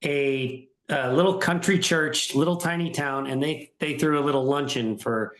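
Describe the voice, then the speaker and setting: A man hosting a podcast, telling a story in casual chat with animated, self-mocking energy. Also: medium pitch, moderate pace. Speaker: podcast host. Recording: roomy echo.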